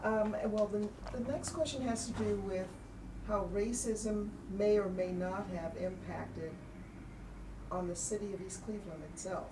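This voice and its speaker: A woman interviewing for an oral history project, asking her questions in a measured, careful way. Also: mid-range voice, warm tone. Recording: roomy and distant, noisy background.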